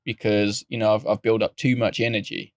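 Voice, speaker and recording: A young man co-hosting a podcast in casual chat, joking and rambling through silly deadpan banter. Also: lowish voice, brisk, no room sound, studio quality. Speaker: podcast co-host.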